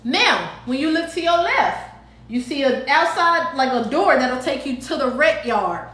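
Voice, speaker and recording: Animated woman telling a story live. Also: high-pitched, unhurried, echoey room. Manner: animated, dramatic retelling with acted-out quotes. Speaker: live-stream host. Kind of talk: casual storytelling to live viewers.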